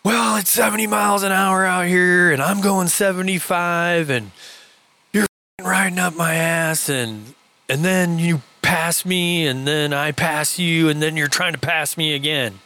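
A man voicing an angry older biker who shouts, swears and threatens as he retells a roadside run-in. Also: on the high side, steady tone, a little slow, no echo, voice pushed up. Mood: furious. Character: furious older male biker, cursing and threatening.

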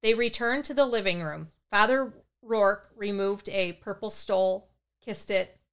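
A woman's voice: mid-range voice, unhurried, clear, resonant tone. A woman narrating a true paranormal story in a matter-of-fact way.

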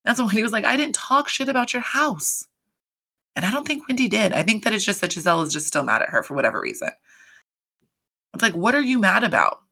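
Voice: mid-range voice, sing-song, racing, vocal fry, bright, forceful tone. A reality TV recap host talking in a casual, chatty, profane way, full of fillers.

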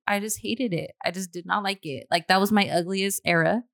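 A woman's voice: medium pitch, fast talker. A woman hosting a casual podcast chat, telling a story bluntly and swearing freely. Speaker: podcast host.

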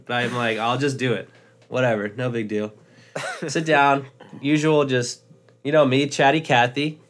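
A man's voice: medium pitch, fairly even intonation, normal speed, slight background noise. A man in his twenties co-hosting a podcast, chatting casually, laid-back and swearing as he tells a story. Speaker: podcast co-host.

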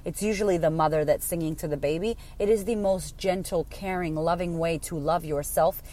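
A woman's voice: on the low side, a little fast, dark tone. A woman in her thirties hosting a casual solo podcast as a coach, blunt and emphatic, swearing freely.

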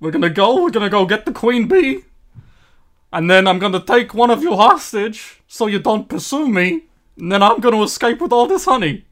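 A man's voice: high-pitched, sing-song, moderate pace, fairly bright tone, voice pushed up. A man voicing a smug male bear holding a group at gunpoint. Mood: threatening. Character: gun-toting male bear, Yogi, smug and threatening.

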